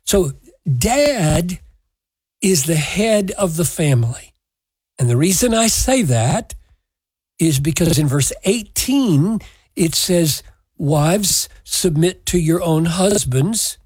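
Male preacher, husky voice, measured and emphatic sermon delivery. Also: fairly high pitch, expressive, a little mellow, no room sound, rough recording. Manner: measured, emphatic scripture exposition. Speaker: pastor.

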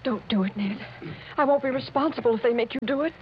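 A woman's voice: sits high, quick pace, a little hiss or hum, close to an everyday voice. An actress playing an anxious young woman who speaks in a worried, pleading way, in an old radio drama. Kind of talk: 1940s radio acting. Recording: lo-fi old radio with music behind.

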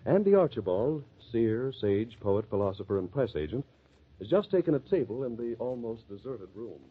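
A man's voice: medium pitch, big pitch swings, moderate pace, breathy edge. A man narrating a 1940s radio drama in an announcer-like way. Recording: tinny old radio recording.

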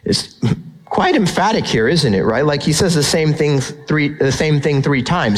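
A man's voice: a little high, animated, unhurried, husky, poor audio. A man preaching a sermon in an emphatic, conversational way, often asking rhetorical questions. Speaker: pastor.

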